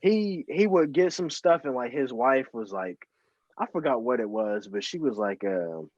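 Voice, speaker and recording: A man's voice: medium pitch, measured pace, no echo. Young man ranting, dull mic. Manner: animated, slangy ranting. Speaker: podcast co-host. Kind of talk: casual chat.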